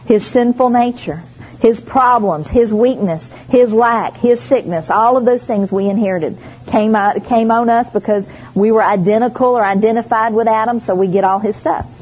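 A woman's voice: on the high side, normal speed, a little mellow, husky, poor audio. A woman preaching a sermon, emphatic and storytelling, voicing the people she quotes. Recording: faint background noise.

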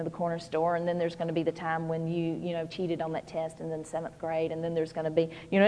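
A woman's voice: fairly low pitch, long reverb tail. A woman preaching a sermon in a folksy, conversational storytelling manner, full of "you know"s.

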